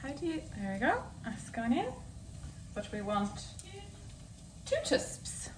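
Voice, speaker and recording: A woman's voice: a little high, big pitch swings, moderate pace. Young woman, jokey rambling chat, kitchen, distant mic, noisy. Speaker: vlogger host. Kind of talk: casual chat while cooking. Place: home kitchen. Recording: distant camera mic with noise.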